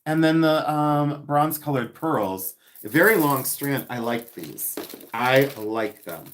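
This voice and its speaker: Man, live-stream host, casual unboxing chat, giggly, playful, middle-pitched voice. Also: animated, slow, a bit bright, a little hiss or hum. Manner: chatty and giggly, reading viewer comments aloud; playful, repeats words for fun.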